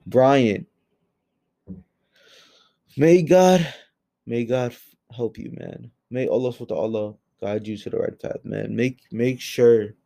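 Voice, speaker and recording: A young man giving a heated, profane rant into a home microphone, swinging between loud outbursts and low muttering. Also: vocal fry, no room sound. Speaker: commentary host. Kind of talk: angry ranting commentary.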